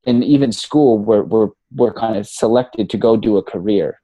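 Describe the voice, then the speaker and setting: A podcast guest who coaches speaks in a mellow, warm voice of fairly low pitch at a moderate pace. Relaxed yet animated, he scatters swear words and "you know" throughout, and the recording sounds close and dry.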